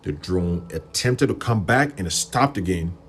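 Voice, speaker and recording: Deep-voiced man telling a story. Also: normal speed, slight background noise. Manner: animated, rambling, quotes people in raised voices. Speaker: livestream host. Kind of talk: casual storytelling on a livestream.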